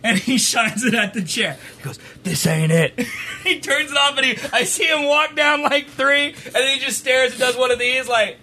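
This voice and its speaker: A man telling a rambling story on a stream, animated, sometimes rising to a shout. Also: extremely high pitch, normal speed, slight background noise. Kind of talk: casual storytelling chat.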